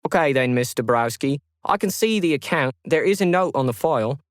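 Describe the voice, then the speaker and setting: Polite customer service man, as a narrator puts him on, calm, unplaceable accent, dry. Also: a little high, brisk, no room sound, pitched above the performer's own voice, lightly acted.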